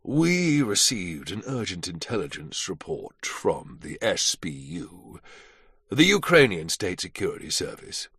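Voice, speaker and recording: A man doing a gravelly, domineering spy chief. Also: deep voice, very animated, a little slow, a bit bright, no room sound, studio quality, heavily acted. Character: senior heavyset male intelligence director, domineering.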